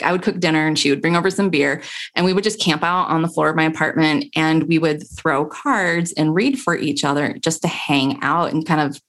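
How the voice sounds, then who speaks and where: A woman with a fairly low voice tells stories in a relaxed, chatty way. She is animated and laughs often, jumping up in pitch when she acts out what her friends said. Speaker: podcast guest, tarot reader and tech coach. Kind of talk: casual storytelling interview.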